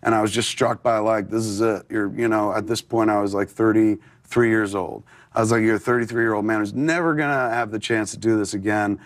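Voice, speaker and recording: A man's voice: lowish voice, fairly even intonation, a little fast, hardly any pauses. A man in his forties, an interview guest, telling a personal story candidly with many fillers.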